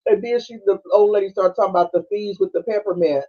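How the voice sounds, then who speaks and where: High-voiced man recapping a movie, laughing. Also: quick pace. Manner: animated storytelling with frequent laughing and quoted voices. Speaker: podcast host. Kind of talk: casual movie recap chat. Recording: dull lo-fi streaming audio.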